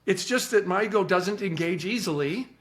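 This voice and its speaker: A man with a fairly high voice gives an earnest, animated account as a podcast guest. He often repeats words as he starts a thought. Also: normal speed. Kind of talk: reflective storytelling.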